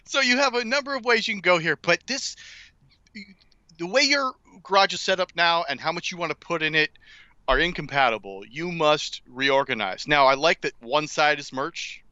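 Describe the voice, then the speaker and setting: This is a fairly high, very bright and smooth male voice, heard on a dry, slightly dull lo-fi recording. He jokes crudely, then lays out practical plans in an orderly way. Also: moderate pace, dry recording. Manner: teasing, then plans in an organized way. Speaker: podcast co-host. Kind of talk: casual comedic chat.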